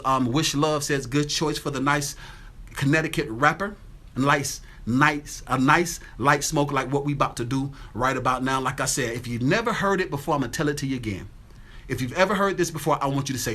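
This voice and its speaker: A man from Atlanta, Georgia, with a slightly high, fairly bright voice, livestreams casually on his phone from home with the windows open. He greets viewers by name and keeps repeating his catchphrases.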